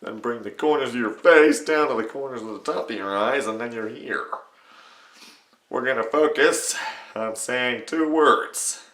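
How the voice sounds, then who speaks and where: A man putting on a nasal, squinty, deadpan impression of a famous actor, with an American accent and stretched vowels. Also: medium pitch, pitched above the performer's own voice, natural voice. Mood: instructive. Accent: American, put on. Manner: measured, deadpan delivery with odd stretched vowels. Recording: echoey room.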